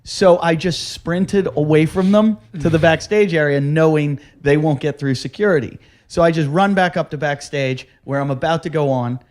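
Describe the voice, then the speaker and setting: A man's voice: fairly high pitch, steady tone, normal speed, hardly any pauses, darkish tone. Eager male co-host telling a story. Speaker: podcast co-host. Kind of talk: casual podcast chat.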